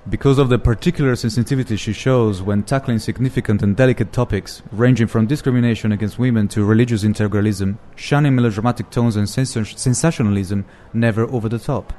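A man doing a mock 1960s radio announcer voice, reading a formal award citation in a solemn, measured way. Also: lowish voice, warm tone, a little hiss or hum, close to an everyday voice.

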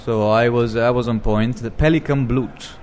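A man's voice: medium pitch, normal speed, darkish tone, slight background noise. A man co-hosting from a hot room at a film festival, chatting casually about films in a rambling, hesitant way. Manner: rambling, hesitant, many restarts and fillers.

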